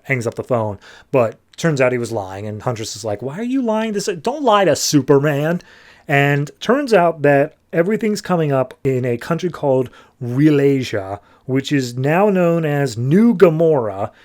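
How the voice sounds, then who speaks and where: Brief: male podcast host, middle pitch, rambling casual recap with quick voices. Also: darkish tone. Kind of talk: casual comic book recap.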